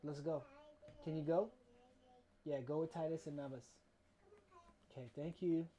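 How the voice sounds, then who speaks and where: A man's voice: on the high side, steady tone, a little slow, mellow, lo-fi sound. A man hosting a casual livestream, reading viewer comments aloud and answering them in an easygoing way. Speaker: livestream host.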